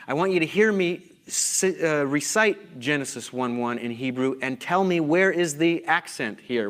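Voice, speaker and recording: A man's voice: fairly high pitch, fairly bright tone. A man giving a conference lecture, emphatic and full of questions to the audience. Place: conference hall.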